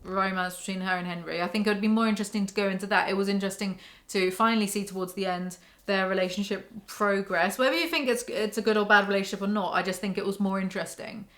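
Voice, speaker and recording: A woman's voice: medium pitch, fairly even intonation, fast, a bit bright. A young woman giving a casual spoken book review to camera at home. She rants candidly and swears freely.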